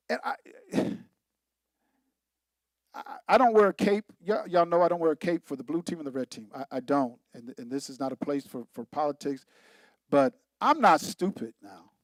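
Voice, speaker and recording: A man's voice: high-pitched, no room sound, low-quality recording. A man, a pastor, giving an informal Bible teaching in a conversational, emphatic way, repeating himself and laughing at his own points.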